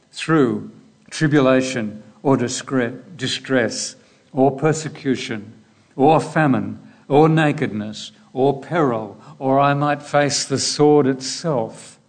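A man preaching a sermon in a deliberate way, asking repeated rhetorical questions. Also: medium pitch.

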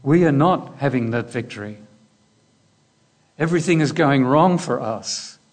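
A man preaching a sermon in a deliberate way, asking repeated rhetorical questions. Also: mid-range voice, animated.

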